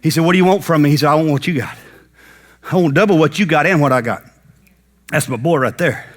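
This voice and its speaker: A man preaching a sermon as pastor, acting out Bible characters in lively folksy talk. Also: a little high, fast talker. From United States.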